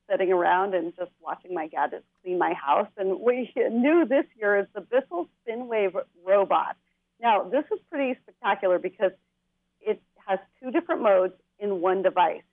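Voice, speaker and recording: A woman's voice: medium pitch, no echo. A woman giving a bubbly, enthusiastic rundown as a tech expert guest on a TV segment, laughing now and then. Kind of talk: TV segment interview, product rundown. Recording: tinny phone line.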